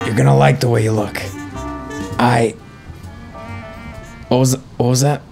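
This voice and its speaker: A man doing an impression of a slow, deep-voiced commercial pitchman who keeps fumbling his line. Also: fairly even intonation, gravelly, music in the background. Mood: booming. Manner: slow, booming, confused between takes.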